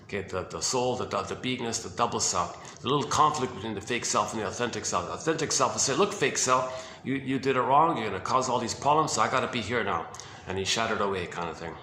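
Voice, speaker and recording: A man's voice: fairly low pitch, sharp tone. A man giving a rambling, casual talk about psychology, thinking aloud with many restarts. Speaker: video host. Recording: roomy echo with faint hiss.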